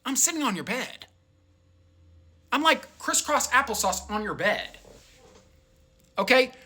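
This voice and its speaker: A young man telling a story in a rambling, animated way, full of filler words. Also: extremely high pitch, a little slow, husky. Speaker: vlogger. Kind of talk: casual storytelling.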